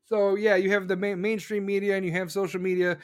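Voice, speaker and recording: A man with a fairly high voice rants about politics in a heated, profane and sarcastic way. He reads viewer comments and talks like a casual commentary host. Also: flat delivery, fast talker, clear, resonant tone.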